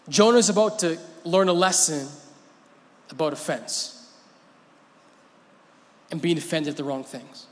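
A man's voice: a little high, unhurried, long pauses. A man pastor preaching a sermon in a church hall, in a conversational, playful way and laughing often. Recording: long hall reverb.

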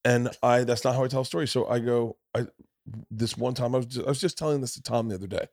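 Man, podcast host, casual storytelling, profane, animated, mid-pitched, dry sound. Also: fast, creaky, dry recording.

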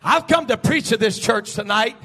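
A male pastor preaching a fiery sermon, building from talk into fervent, shouted bursts. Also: sits high, animated, moderate pace, slightly rough.

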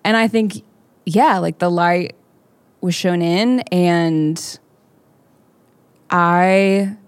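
A woman's voice: lowish voice, steady tone, very slow, clear, resonant tone. A young adult woman co-hosting a candid faith podcast, talking in a heartfelt, rambling way with many fillers. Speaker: podcast co-host.

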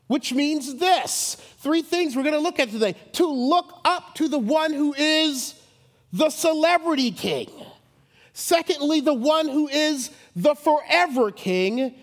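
A man preaching a sermon in a lively, conversational way with dramatic emphasis. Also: very high voice, measured pace. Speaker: pastor. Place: church sanctuary.

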